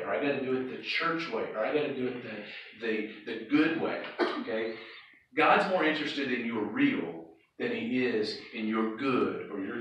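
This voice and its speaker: A man's voice: medium pitch, fairly bright tone, distant mic, muffled recording, a little hiss or hum. A man preaching to a youth group in a loose, conversational way, often stopping to ask "okay?". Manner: conversational, checks in with frequent "okay?". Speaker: youth pastor. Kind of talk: sermon. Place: church hall or sanctuary. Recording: echoey hall, speaker away from mic.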